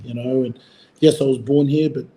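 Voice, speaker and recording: A man's voice: medium pitch, steady tone, normal speed, warm tone, poor audio. A man in his forties with an Australian accent, a rugby coach chatting casually in an interview, rambling with lots of fillers and restarts. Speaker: rugby coach, former player. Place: Fiji.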